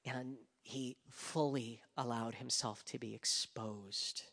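A pastor preaching a sermon with passion, rising to loud emphasis and dropping to hushed whispers. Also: male voice, medium pitch, steady tone, takes it slowly, gravelly. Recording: long hall reverb.

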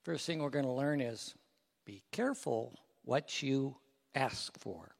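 A man pastor preaching a sermon. He tells stories with loud peaks, then drops to a hushed prayer in a church sanctuary. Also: medium pitch, lively intonation, slow pace, vocal fry, big-room sound.

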